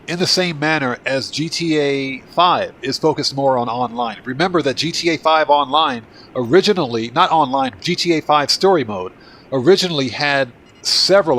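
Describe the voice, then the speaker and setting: His voice a little high and slight background noise present, a male livestream host plays games while chatting casually with his viewers. He sounds congested, his voice is fading, and he thanks people by name.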